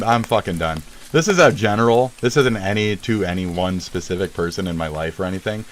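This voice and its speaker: A man delivering an angry, swearing rant as a vlogger, sneering and scornful, outdoors near traffic. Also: fairly low pitch. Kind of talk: profane ranting monologue.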